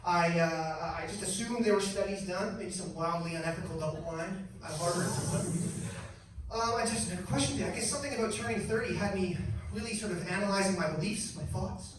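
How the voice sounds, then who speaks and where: A man in his thirties from Canada performing an animated stand-up comedy set on a club stage, storytelling with sudden shrieking character voices. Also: high-pitched, fairly quick. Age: 30s. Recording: echoey club, distant mic, loud audience noise.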